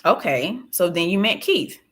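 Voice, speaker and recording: A calm, probing woman counselor, gently coaxing with question after question, as a woman reads her in an audiobook. The tone stays bright and clear. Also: on the low side, measured pace. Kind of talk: audiobook narration.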